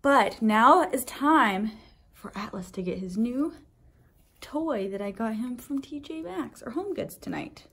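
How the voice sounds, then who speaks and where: A woman's voice: on the high side, animated, unhurried, a bit bright, slightly rough, poor audio. A woman vlogging casually at home, chatty and gushing. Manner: chatty, gushing, baby-talks to her dog. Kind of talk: casual vlog chat.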